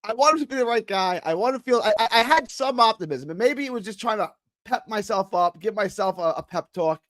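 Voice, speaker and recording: A man's voice: high voice, expressive, fairly quick, a bit bright, no echo. A man calling in to a sports talk show, ranting in exasperation and stammering through many restarts.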